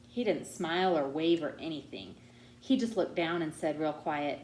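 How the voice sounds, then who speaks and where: A woman reading a children's novel aloud, narrating in an expressive, animated way. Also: sits low, normal speed, a little hiss or hum. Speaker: audiobook reader. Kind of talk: storytelling narration. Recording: roomy echo.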